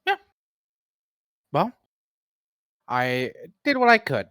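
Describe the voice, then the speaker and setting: A player in a tabletop game, bargaining in a deadpan way. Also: mid-range voice, drawn-out words, clear, resonant tone, no echo, clean studio sound.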